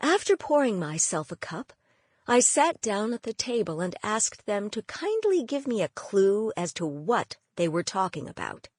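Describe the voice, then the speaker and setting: A woman narrating a novel in the first person with a wry, measured storytelling manner. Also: mid-range voice, very animated, no room sound, clean studio sound. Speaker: audiobook narrator.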